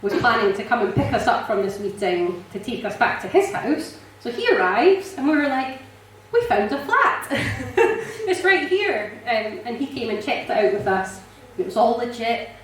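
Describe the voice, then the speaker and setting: A woman sharing a personal testimony in church, chatty and animated, laughing often and filling pauses with ums. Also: a little high, a little hiss or hum. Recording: echoey church hall, mic from a distance.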